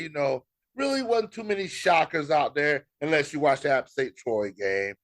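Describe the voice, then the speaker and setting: American guy on a sports podcast, voice bouncing all over, kinda high, teasing back and forth. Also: normal speed. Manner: animated, laughing, mock-exasperated banter. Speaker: podcast co-host. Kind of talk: casual sports talk.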